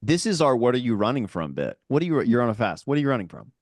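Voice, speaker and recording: A man's voice: mid-range voice, fast talker, no room sound, clean studio sound. A man co-hosting a podcast in casual chat, teasing and telling stories with energy. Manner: teasing, animated storytelling. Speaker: podcast co-host.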